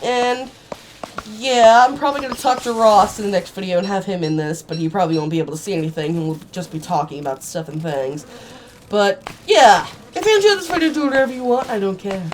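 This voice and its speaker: Excitable woman swearing at a game. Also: mid-range voice, a little fast, slight background noise. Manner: excitable, swears a lot, sudden outbursts; playful mock-old-fashioned voice at times. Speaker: gaming channel host. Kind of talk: solo game commentary. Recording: cheap mic, faint game music.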